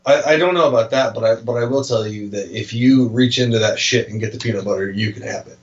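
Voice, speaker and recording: A man co-hosting a casual podcast chat, relaxed and hesitant, swearing casually. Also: on the low side, quick pace. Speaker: podcast co-host. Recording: dull lo-fi sound.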